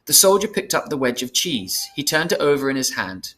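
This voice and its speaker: A man's voice: on the high side, fairly quick, hardly any pauses. Man reading a storybook chapter aloud. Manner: plain, steady reading with small self-corrections. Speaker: reader.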